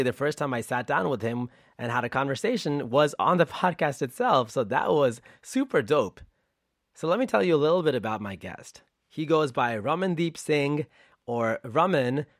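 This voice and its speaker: A man giving a casual podcast introduction as host, upbeat and playful, his voice jumping up and then dropping quiet. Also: medium pitch, no room sound, clean studio sound. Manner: upbeat and playful, with swings in loudness.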